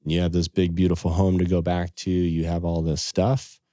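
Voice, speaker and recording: A middle-aged man with a deep, warm, mellow voice tells earnest family stories on a podcast, quoting scripture and old sayings as he goes. He is recorded up close with a dry sound. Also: flat delivery, normal speed, dry recording. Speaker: financial advisor, podcast guest. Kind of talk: casual storytelling in conversation.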